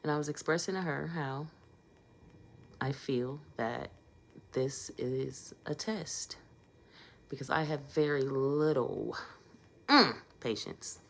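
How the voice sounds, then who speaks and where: A woman's voice: very deep voice, slow pace, creaky, pauses often, slight background noise. A woman telling a casual storytime vlog in a conversational way, getting emphatic in her asides.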